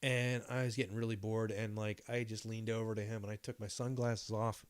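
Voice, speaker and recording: A man's voice: on the low side, level tone, a little fast, clear, resonant tone. A middle-aged man co-hosting a podcast, telling a long, profane, rambling story in casual chat. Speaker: podcast co-host.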